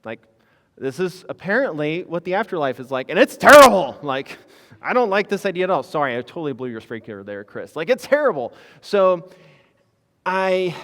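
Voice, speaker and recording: A man, a physician assistant, telling a candid personal story in a casual, animated way. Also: fairly high pitch, in a large hall.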